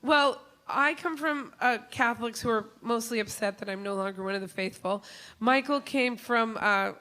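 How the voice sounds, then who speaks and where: A woman telling a funny personal story on stage to an audience. She talks in an animated way, laughs often, and acts out the people she quotes. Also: on the high side, normal speed. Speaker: comedian and show host. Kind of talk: live comic storytelling to an audience.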